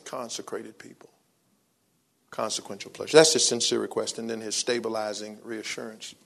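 A man in his forties preaching a sermon as a pastor, moving between low, quiet reflection and raised, excited delivery. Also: moderate pace, vocal fry.

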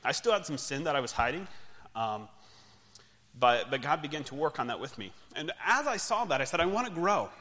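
A man's voice: on the high side, big pitch swings, fairly quick, bright, forceful tone. A young man giving a candid, self-deprecating personal testimony. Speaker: speaker giving his testimony. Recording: long hall reverb.

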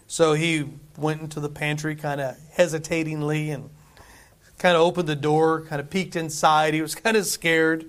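A man's voice: fairly high pitch, steady tone, moderate pace, creaky, fairly bright tone. A man preaching a conversational sermon, repeating phrases for emphasis. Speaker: pastor.

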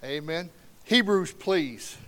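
A middle-aged man preaching a sermon in a folksy, conversational way that swings from quiet to loud. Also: on the high side, expressive, takes it slowly.

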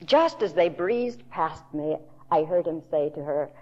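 Slow, deliberate woman preacher, lo-fi tape. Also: low-pitched, lively intonation, darkish tone. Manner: slow, deliberate, emphatic storytelling with quoted voices. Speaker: Bible teacher. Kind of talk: recorded sermon to a women's audience. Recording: dull lo-fi tape recording.

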